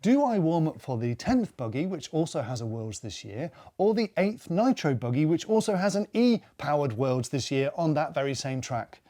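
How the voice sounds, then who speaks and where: A man's voice: on the high side, very animated, normal speed, few pauses, mellow. A man co-hosting a casual racing news show, chatty and joking as he reads headlines. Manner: chatty, jokey, thinks aloud. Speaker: news co-host.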